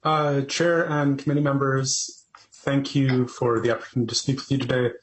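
A man's voice: mid-range voice, level tone, normal speed, poor audio. Man delivering prepared advocacy testimony. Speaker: advocacy group representative.

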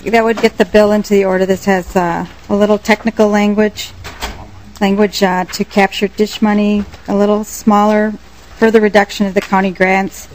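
A woman legislator explains an amendment to the committee. Her delivery is businesslike and notably flat, with little rise and fall. She stays formal throughout. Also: mid-range voice, normal speed, poor audio. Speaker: committee member, representative.

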